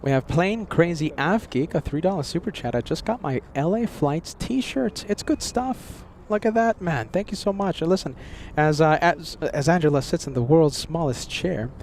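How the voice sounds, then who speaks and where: A man's voice: fairly high pitch, animated, moderate pace, hardly any pauses, a little mellow. An American man hosting a casual live stream outdoors at an airport, chatting and thanking viewers. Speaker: livestream host. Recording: faint outdoor traffic noise. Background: faint street and vehicle noise.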